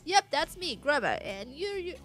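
A woman's voice: high voice, big pitch swings, moderate pace, a bit bright, faint music behind, pitched above the performer's own voice. A woman voicing a folksy, boastful older male fight promoter with a drawl, reading game dialogue aloud. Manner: folksy drawl, calls everyone son.

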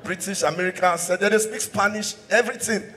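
A man's voice: high voice, steady tone, fast talker, pushed and bright. A man with a Nigerian accent performing live stand-up comedy, switching between English and Pidgin and laughing at his own jokes. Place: live show venue in a hall. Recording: hall reverb from a live stage mic.

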